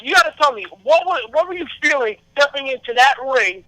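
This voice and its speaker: A man's voice: very high voice, expressive, fairly quick, bright, forceful tone, dry recording, rough recording. A man hosting a wrestling podcast who introduces guests with a hyped, showy delivery. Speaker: podcast host.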